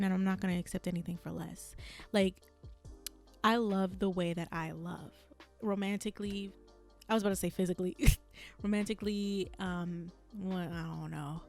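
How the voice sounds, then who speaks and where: A woman's voice: medium pitch, moderate pace, darkish tone, soft background music. A young woman hosting a solo podcast, venting in a candid, rambling way, swearing freely and laughing at herself, her voice strained from a long day of recording. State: strained, burning vocal cords. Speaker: podcast host.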